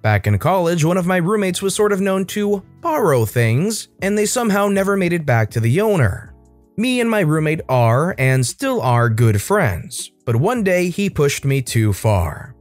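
A man reading online stories aloud as a storytime channel narrator in a scripted, expressive style. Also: a little high, normal speed, soft background music.

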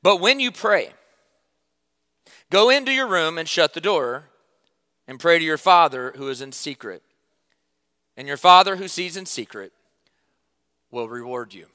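Man, pastor preaching, high bright voice, emphatic then hushed, echoey church hall. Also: animated, a little slow, pauses often. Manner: emphatic, conversational preaching with sudden loud stresses and quiet drops. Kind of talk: sermon.

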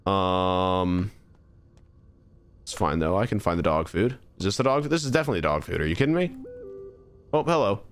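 A man's voice: low voice, lively intonation, normal speed, pauses often, faint music behind. A young man streaming a horror game, chatting and joking to himself as he plays. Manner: chatty, jokey, talks to himself. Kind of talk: live gameplay commentary.

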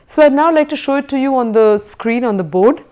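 A woman teaching a recorded Sanskrit lecture, drilling words slowly and carefully with exaggerated pronunciation and a rising tone on questions. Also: high-pitched, expressive, darkish tone, clean tone.

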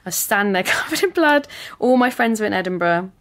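A woman's voice: medium pitch, expressive, fairly quick, a bit bright. A woman comedian telling her story in an interview, self-deprecating and candid, swearing now and then. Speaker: comedian guest.

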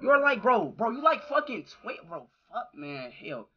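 Loud, excitable young-sounding male streamer. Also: high voice, moderate pace, highs cut off. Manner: loud, excitable, yelling and cursing in slang. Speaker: live streamer. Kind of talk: livestream reactions to a talking app.

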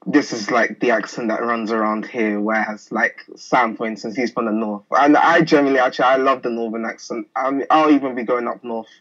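A man's voice: medium pitch, steady tone, a little fast, few pauses, fairly bright tone. A young man from England with a South London accent, calling in and chatting casually with lots of giggling. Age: young adult. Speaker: caller. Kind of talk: casual chat. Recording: muffled call audio.

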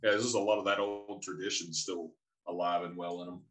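A man guesting on a podcast, talking relaxed and full of fillers. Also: low voice, brisk, poor audio. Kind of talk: casual podcast chat.

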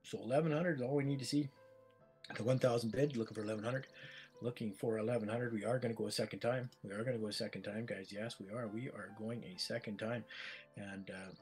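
A man's voice: lowish voice, steady tone, fast, darkish tone, faint music behind. A man with a Canadian accent, calling bids as an auctioneer in a chatty, repetitive way. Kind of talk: live virtual-world auction calling.

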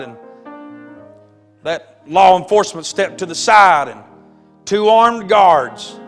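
A man preaching a sermon, telling a story dramatically and building to shouts. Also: on the high side. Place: church sanctuary. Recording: long hall reverb with faint music.

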